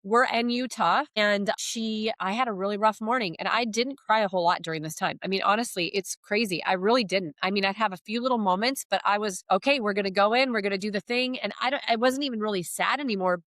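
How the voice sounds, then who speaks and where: A woman's voice: mid-range voice, fast, hardly any pauses, fairly bright tone, dry recording. A middle-aged woman giving a heartfelt faith testimony as a podcast guest, telling her story earnestly.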